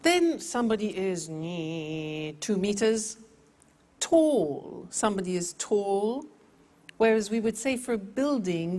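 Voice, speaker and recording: Slow, deliberate woman teaching English. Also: mid-range voice, darkish tone. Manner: slow, deliberate, repeats words for pronunciation. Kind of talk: scripted language lesson.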